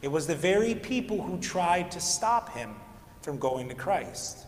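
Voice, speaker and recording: A middle-aged man, an Orthodox priest, giving a calm, conversational sermon with storytelling. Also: high-pitched, unhurried. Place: church. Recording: echoey church hall.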